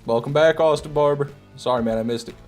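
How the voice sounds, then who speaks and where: Michigan streamer bantering with chat. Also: male voice, a little high, fast, a little mellow, soft background music. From Michigan, USA. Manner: joking, mock-indignant banter with chat. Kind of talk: casual live-stream commentary.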